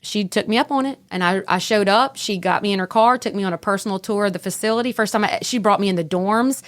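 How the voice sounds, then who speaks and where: A woman's voice: mid-range voice, fast. Chatty, laughing woman telling stories. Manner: chatty, self-deprecating, laughs often. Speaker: podcast guest, former prison officer. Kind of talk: casual storytelling.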